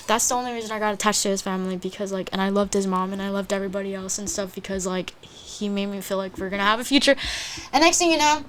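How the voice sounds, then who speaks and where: Fast-talking young woman telling a story. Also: medium pitch, slight background noise. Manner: animated, swears often, acts out quotes in a raised voice. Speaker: podcast guest. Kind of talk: casual storytelling chat.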